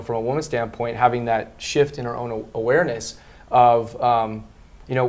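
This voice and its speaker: Man, relationship coach, casual panel chat, earnest, halting, lots of restarts. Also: mid-range voice.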